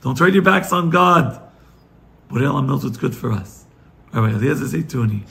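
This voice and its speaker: A man, a rabbi, giving a Torah lesson, telling the story with animated, acted-out quotes. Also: medium pitch, normal speed, gravelly. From United States. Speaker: rabbi teaching weekly Torah portion.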